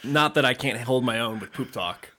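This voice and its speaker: A man's voice: medium pitch, moderate pace, bright, forceful tone, a little hiss or hum. A man co-hosting a podcast, chatting casually with dry teasing humor and explaining his work at length. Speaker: podcast co-host. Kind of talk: casual chat.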